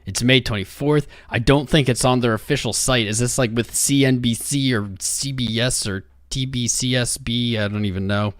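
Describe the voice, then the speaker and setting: A man's voice: medium pitch, moderate pace, hardly any pauses, no echo, studio quality. A young man hosting a crypto livestream, talking restlessly to his chat while he searches for something.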